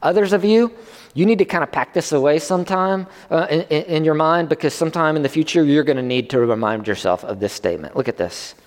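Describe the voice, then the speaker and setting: Conversational preacher with a higher voice in a reverberant hall. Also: male voice, animated, fast. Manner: conversational preaching, rising in pitch for emphasis. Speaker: pastor. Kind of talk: sermon.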